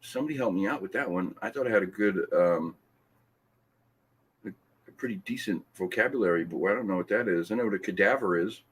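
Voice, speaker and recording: This podcast host has a lowish, slightly rough voice and talks a little fast on a casual live stream. Reading chat comments aloud, he teases, laughs a lot and trips over himself with restarts.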